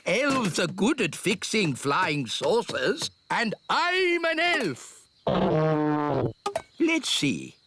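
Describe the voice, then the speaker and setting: A man voicing a wise old male elf in a cartoon, gentle and deferential. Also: high voice, huge pitch swings, drawn-out words, faint music behind, full character voice. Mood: calm. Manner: gentle and deferential, then flustered. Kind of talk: cartoon voice acting.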